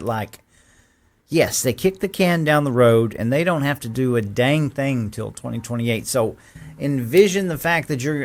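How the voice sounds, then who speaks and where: A man hosting casual political commentary, sarcastic and often laughing as he reads quotes aloud. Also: mid-range voice.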